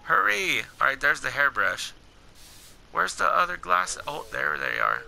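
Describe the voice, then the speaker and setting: Excitable young man doing gameplay commentary. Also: mid-range voice, unhurried, vocal fry, over music, poor audio. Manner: excitable, talks to game characters, slangy. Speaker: gaming channel host.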